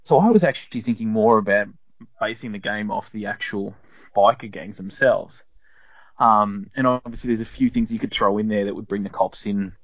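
A man's voice: on the low side, moderate pace, no room sound, lo-fi sound. A man appearing as a podcast guest, speaking in rambling, hesitant casual chat full of restarts.

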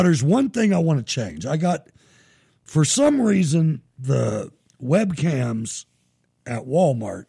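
A middle-aged man hosting a live show, telling profane, animated stories in casual chat. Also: fairly high pitch, gravelly, husky. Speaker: show host.

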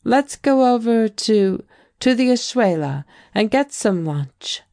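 A woman's voice: on the high side, animated, slow pace, warm tone, no room sound, studio quality, pitched above the performer's own voice. A woman reading the lines of a genial, dignified male bank president in an audiobook. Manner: genial, reassuring.

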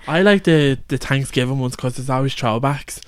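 A laid-back podcast co-host who rambles and pads sentences with fillers. The voice sits at a middle pitch. The sound is dry and close, with no room echo. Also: moderate pace. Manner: relaxed, rambling, fills with "like" and "you know what I mean". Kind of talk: casual chat.

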